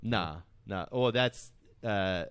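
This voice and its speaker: A man's voice: on the low side, takes it slowly, fairly bright tone, smooth. A man hosting a casual podcast, rambling through stories and laughing at his own jokes. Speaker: podcast host.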